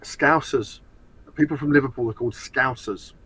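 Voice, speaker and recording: A man's voice: medium pitch, lively intonation, brisk, fairly bright tone, husky, dry recording, poor audio. A man, a guest on a podcast, chatting casually and explaining details knowledgeably. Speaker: guest, fan website editor. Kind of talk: casual chat. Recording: faint background noise.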